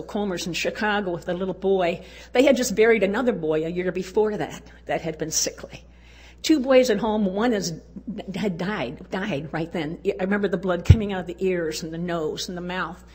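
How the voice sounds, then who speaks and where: A woman's voice: medium pitch, husky. A woman speaking to a women's conference, telling folksy stories and chuckling often. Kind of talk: storytelling speech to a live audience.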